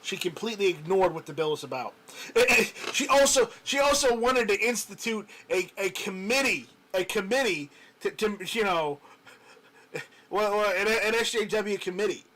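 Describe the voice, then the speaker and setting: Guy running a livestream, kinda high voice, stumbles and repeats himself, reads chat out. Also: lively intonation, sharp tone. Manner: halting, repeats words, reads chat comments aloud. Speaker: livestream host. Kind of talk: casual live-stream chat.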